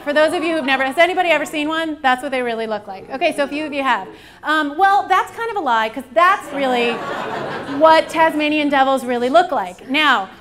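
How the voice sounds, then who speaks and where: High-pitched lady doing a keynote talk, jokey storyteller, lots of energy. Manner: animated, joking storyteller. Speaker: keynote speaker. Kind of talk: conference keynote speech. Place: conference hall.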